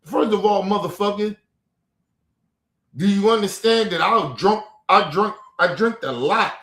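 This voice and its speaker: A man's voice: sits high, unhurried, fairly bright tone, reverberant. A man streaming a heated, profane rant, repeating himself over and over to his viewers. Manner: profane and repetitive, talking to the viewers.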